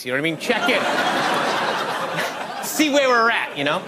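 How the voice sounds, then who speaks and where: A man's voice: high voice, big pitch swings, normal speed. A man doing stand-up storytelling on a comedy stage, acting out the dialogue and laughing through his lines. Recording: live stage recording with crowd noise.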